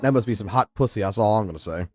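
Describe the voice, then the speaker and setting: A fairly low-voiced male game streamer, live on his stream. He talks off the cuff, excitable and profane, into a studio mic running through a mixing desk. Music plays faintly underneath. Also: rapid-fire. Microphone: studio mic through a mixing station.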